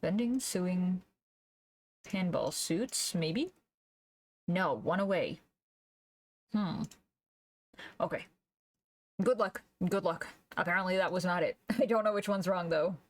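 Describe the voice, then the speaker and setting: A woman streamer chatting casually while she draws, thinking aloud, humming to herself and laughing softly, into a desk microphone. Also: fairly low pitch, lively intonation, takes it slowly, long pauses. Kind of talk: casual live-stream chat while drawing.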